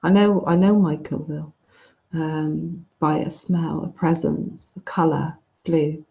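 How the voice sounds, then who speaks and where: Woman course teacher, frank casual lecturer, dark warm tone, lo-fi call sound. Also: sits low, steady tone, slow pace, gravelly. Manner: chatty, frank, restarts phrases. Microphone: video call. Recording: dull lo-fi video call audio.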